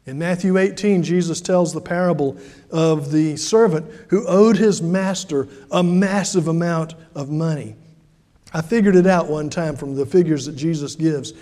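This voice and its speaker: Male preacher, high and warm-toned, conversational storyteller with dramatic loud-soft swings; reverberant hall. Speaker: pastor. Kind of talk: sermon.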